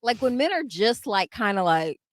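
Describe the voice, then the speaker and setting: A woman's voice: mid-range voice, very animated, no echo. A young adult woman co-hosting a book club podcast, chatty and wry, trading jokes about the book. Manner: chatty, wry, quick to laugh at her own jokes. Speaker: podcast co-host. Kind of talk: casual book club chat.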